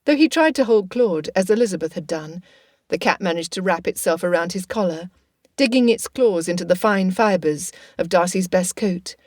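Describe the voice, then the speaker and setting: A woman narrating an audiobook in a steady, even reading. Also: lowish voice, normal speed, no echo, studio quality.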